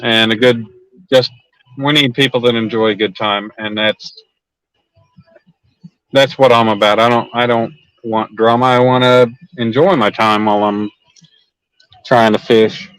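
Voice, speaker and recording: A man's voice: medium pitch, no room sound, rough recording. A man hosting a casual fishing live stream, talking in a laid-back, blunt, joking way while driving and holding his phone. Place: in a vehicle, driving. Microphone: handheld phone.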